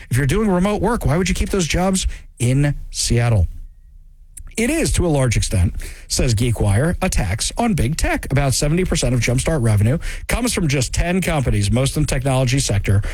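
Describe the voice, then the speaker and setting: A man's voice: on the high side, dry recording. A man giving sarcastic, mocking political commentary, reading news excerpts aloud and ridiculing them.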